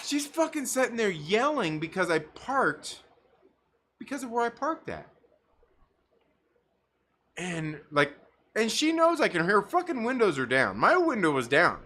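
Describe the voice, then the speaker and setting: A man rants through a story on a casual live stream, his pitch swinging widely as he swears freely and breaks into laughter. His voice is bright and sharp. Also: measured pace, pauses often. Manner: profane, animated, laughs mid-story. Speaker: livestream host.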